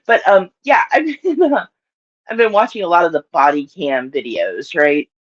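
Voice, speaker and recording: A woman's voice: on the low side, expressive, normal speed, highs cut off. A woman with a Southern US accent chatting casually to her live-stream audience, rambling and laughing often.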